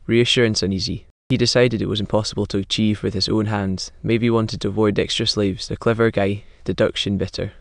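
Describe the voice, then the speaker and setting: A male recap narrator delivers a dramatic story in clipped, terse fragments, voicing every character himself. His slightly low voice stays flat and even in pitch, a little fast with vocal fry and hardly any pauses. The recording is dry and close, with no room sound.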